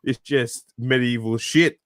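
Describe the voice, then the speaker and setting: A man's voice: mid-range voice, steady tone, slow, a bit bright, dry recording, clean studio sound. A man co-hosting a podcast, chatting casually, laughing often and swearing freely. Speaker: podcast co-host.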